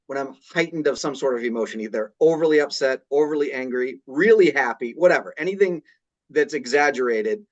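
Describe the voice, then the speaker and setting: A man's voice: mid-range voice, expressive, brisk, muffled recording. A man from the Boston area talking casually on a podcast, often repeating words as he starts his sentences. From Boston area, USA.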